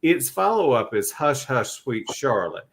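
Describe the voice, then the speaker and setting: A man with a Southern US accent, co-hosting a podcast and telling film stories in a relaxed, campy way. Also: mid-range voice, a little slow. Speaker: podcast co-host. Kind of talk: casual chat.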